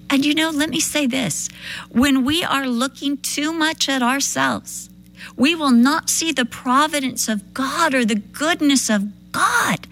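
Animated woman preaching a sermon. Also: high voice, slight background noise. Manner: animated, acts out quoted voices.

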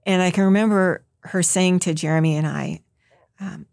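A woman's voice: lowish voice, normal speed, creaky, darkish tone, no room sound, studio quality. A middle-aged woman, a mother, earnestly telling a personal story in an interview and acting out what others said. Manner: earnest, acts out quoted voices. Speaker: guest, mother telling her daughter's story.

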